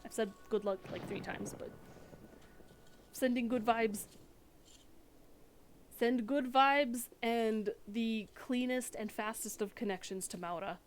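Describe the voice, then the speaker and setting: A woman's voice: fairly high pitch, takes it slowly, pauses often, a little hiss or hum. A woman streamer chatting casually and ramblingly while she plays, with self-deprecating asides. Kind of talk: casual gameplay chat.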